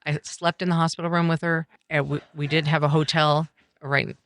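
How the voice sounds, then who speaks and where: A middle-aged woman talking earnestly as a podcast guest, telling a personal story in halting, reflective sentences. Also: low voice, little pitch movement, a bit bright. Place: coffeehouse.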